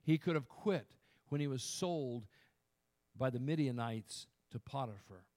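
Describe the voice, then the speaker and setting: A man preaching a sermon, who swells loud to stress a point, then drops quiet and earnest, and often restarts words as he presses on. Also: medium pitch, animated, a little slow. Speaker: pastor.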